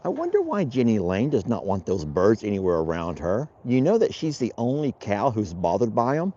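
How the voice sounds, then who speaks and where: This rancher has a lowish, mellow voice that swings hugely in pitch at a normal speed. Doing chores outdoors, he rambles folksily for his casual vlog and talks to his animals, all on a dull, lo-fi outdoor recording.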